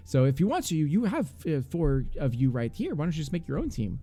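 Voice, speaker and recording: A man's voice: on the high side, wildly swooping pitch, quick pace, mellow, pitched above the performer's own voice, heavily acted. A man voicing a polite goblin priest who apologizes and helps out. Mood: apologetic. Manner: apologetic, helpful.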